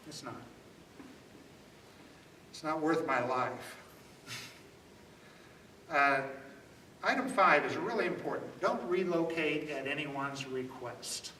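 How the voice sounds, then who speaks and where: A man's voice: medium pitch, pushed and bright, slight background noise. A man teaching a self-defense workshop in a conversational, demonstrative way, often checking in with "okay?". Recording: echoey room from far off.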